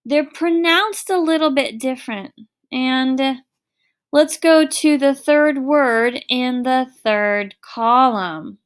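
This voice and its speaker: Slow, patient woman teaching a lesson. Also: high-pitched, fairly bright tone. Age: middle-aged. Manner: slow, patient, explains with everyday examples. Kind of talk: recorded online lesson.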